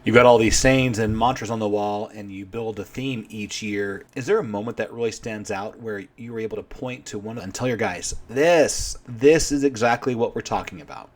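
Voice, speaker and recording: A man hosting a podcast and asking the guest long, measured questions. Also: on the low side. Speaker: podcast host. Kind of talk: interview questions.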